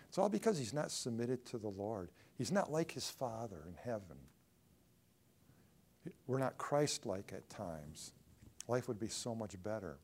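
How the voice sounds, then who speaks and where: A man preaching a sermon in a church, swinging between loud emphatic lines and hushed ones. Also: mid-range voice, big pitch swings, normal speed. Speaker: pastor.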